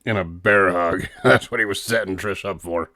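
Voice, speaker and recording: A man's voice: sits low, moderate pace, bright, forceful tone. A man co-hosting a casual review chat, joking and laughing often. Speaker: co-host reviewing wrestling.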